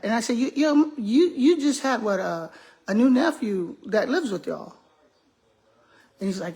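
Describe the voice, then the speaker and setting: A woman's voice: on the high side, moderate pace, creaky, slightly rough. A middle-aged retired school principal, a woman, chatting casually to her viewers and acting out the quotes in the stories she tells. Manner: animated, laughing storyteller acting out quotes. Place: home kitchen.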